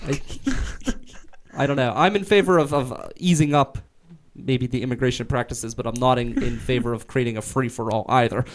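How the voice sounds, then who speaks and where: A young man hosts a casual radio talk show in an ordinary mid-range voice. He delivers his rulings in a measured, hesitant way and often weighs both sides before he decides. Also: mid-range voice. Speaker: host judging topics.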